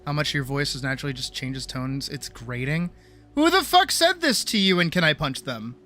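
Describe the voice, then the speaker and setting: A woman's voice: sits low, normal speed. A woman streamer chatting casually, swearing a lot and mocking herself. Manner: profane, animated, self-mocking. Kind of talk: casual live-stream chat. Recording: faint music behind.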